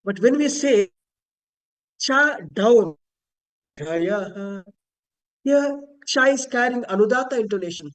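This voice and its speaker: A man speaks at a slow, deliberate pace, teaching in an online spiritual lecture. He explains patiently and chants Sanskrit words aloud to demonstrate rising and falling intonation, as heard over a video call. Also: extremely high pitch, fairly bright tone, poor audio. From India.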